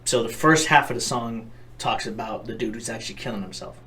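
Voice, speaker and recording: A man's voice: medium pitch, fairly quick, sharp tone. Profane, rambling young man on a podcast. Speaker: podcast co-host. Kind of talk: casual chat.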